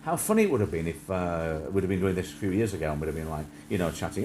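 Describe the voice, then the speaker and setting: A man's voice: low-pitched, very animated, racing, darkish tone, a little hiss or hum. A man hosting a live stream, rambling in a jokey, casual way with frequent laughs and restarts. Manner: chatty, jokey, laughs often, many restarts.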